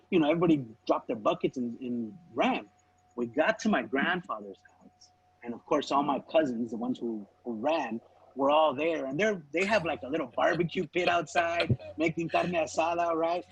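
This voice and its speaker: A man's voice: a little high, lively intonation, a little fast, vocal fry, husky, low-quality recording. A man co-hosting a podcast, telling a story in casual chat, swearing freely and acting out his relatives' lines. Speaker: podcast co-host.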